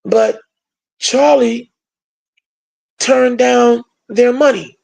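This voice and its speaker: Brief: gravelly commentator, emphatic and sarcastic, monologue delivery. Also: medium pitch, steady tone, extremely slow, darkish tone. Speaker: political commentator. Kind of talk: opinion monologue.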